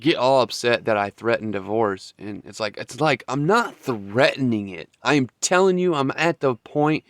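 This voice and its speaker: A man's voice: medium pitch, animated, normal speed, hardly any pauses, no echo. Blunt, heated man ranting, dry sound. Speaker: vlogger. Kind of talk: ranting monologue.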